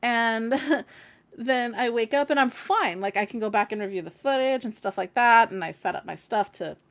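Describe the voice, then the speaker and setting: A woman hosting a tarot livestream, telling a personal story in a chatty, animated way, full of fillers and casual swearing. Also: a little high, moderate pace. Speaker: tarot reader and stream host.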